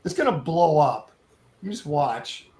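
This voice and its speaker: Wry middle-aged man with a lively voice. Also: a little high, a little slow, a little hiss or hum. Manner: wry, opinionated, self-mocking. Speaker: co-host of an art show. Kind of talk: casual chat while drawing.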